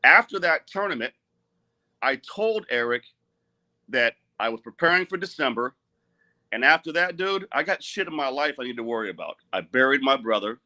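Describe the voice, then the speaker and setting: A man's voice: mid-range voice, big pitch swings, moderate pace, sharp tone. Blunt, profane middle-aged man ranting. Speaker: arm wrestler. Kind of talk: heated live-stream rant.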